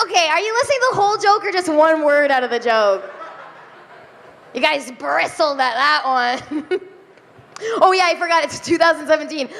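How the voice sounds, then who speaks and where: A young woman performing a stand-up comedy set, giggly and self-deprecating, with drawn-out deadpan asides. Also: high-pitched. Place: comedy club stage before a live audience. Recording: live club recording with reverb, faint room noise.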